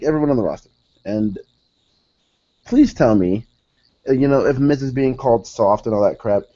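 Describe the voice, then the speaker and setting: In a casual, rambling rant about a wrestling show, a man gets excitable and profane, often restarting his sentences. His voice is medium-pitched and the recording sounds muffled.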